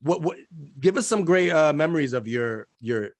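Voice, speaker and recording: A man hosting a podcast, asking questions in a halting way with many fillers. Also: a little high, lively intonation, no echo. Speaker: podcast host. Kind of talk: casual podcast chat.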